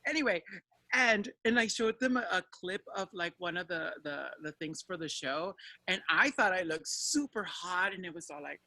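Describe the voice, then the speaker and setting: A woman's voice: fairly low pitch, animated, moderate pace, bright, forceful tone, no echo, rough recording. A woman drag performer chatting as an interview guest, joking and loose with filler words. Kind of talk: casual interview chat.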